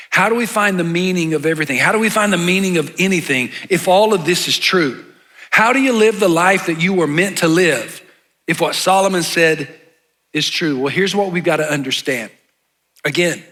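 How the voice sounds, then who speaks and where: Bright-voiced male pastor preaching emphatically. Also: a little high. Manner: emphatic preaching, voice rising on key words, with casual asides. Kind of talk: sermon.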